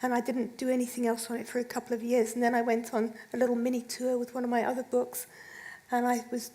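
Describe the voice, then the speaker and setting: A woman's voice: a little high, fast. A woman author on a live festival panel, telling an anecdote and acting out the dialogue. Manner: lively storyteller, acts out dialogue. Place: live event stage.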